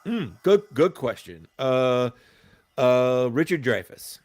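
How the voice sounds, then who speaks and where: A man's voice: medium pitch, big pitch swings, takes it slowly, darkish tone, no echo. A man telling stories in a casual chat, in a laid-back way that trails off into laughs. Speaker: guest.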